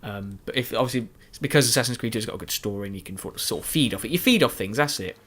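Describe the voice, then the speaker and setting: Low-ish and expressive, this man's fairly bright voice comes rapid-fire as he lays post-recorded commentary over gameplay for his YouTube channel. Worn out and yawning late at night, he rambles, puts himself down, and keeps restarting and using fillers.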